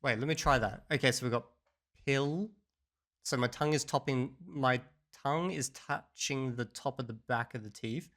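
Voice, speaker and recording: A man's voice: medium pitch, brisk, fairly bright tone. A man hosting a reaction video, thinking aloud in casual commentary and trying out sounds himself.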